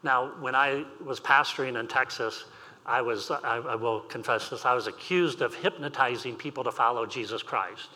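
A man's voice: mid-range voice, normal speed, pushed and bright. Older male pastor preaching in a reverberant hall. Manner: reads scripture aloud then tells personal stories with humor. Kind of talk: sermon. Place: church sanctuary. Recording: long reverb in a large hall.

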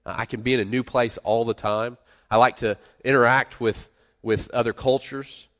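Man preaching with loud-soft swings. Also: medium pitch, steady tone, moderate pace. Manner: conversational preaching, swinging between loud emphasis and quiet asides. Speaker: pastor. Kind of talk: sermon.

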